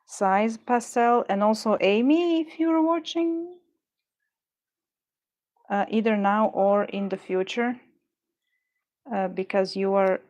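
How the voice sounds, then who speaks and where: A woman's voice: mid-range voice, slow pace, pauses often, darkish tone. A woman chatting casually while she makes jewelry, rambling and talking herself through her frustration as she works. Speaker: jewelry maker streaming her work. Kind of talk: casual chat while crafting.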